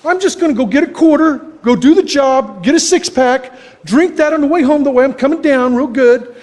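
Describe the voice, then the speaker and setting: A man's voice: very high-pitched, fairly quick, darkish tone, long reverb tail. An older man telling his personal story to a recovery meeting, plainspoken and rambling, with lots of fillers. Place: club meeting hall.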